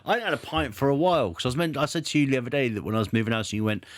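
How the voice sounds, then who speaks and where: A man's voice: mid-range voice, very fast, dry recording, clean studio sound. A young man hosting a casual chat, jokey and chatty. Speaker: podcast host.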